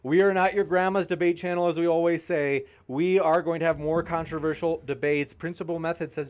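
A man's voice: fairly high pitch, steady tone, fairly quick, hardly any pauses. A man hosting a live debate stream, reading viewer comments aloud and answering them with upbeat, jokey banter. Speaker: debate channel host.

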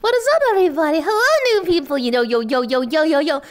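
A woman livestreamer chatting casually with her viewers, hyper and playful, often breaking into shouts and laughter. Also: sits high, lively intonation, fast.

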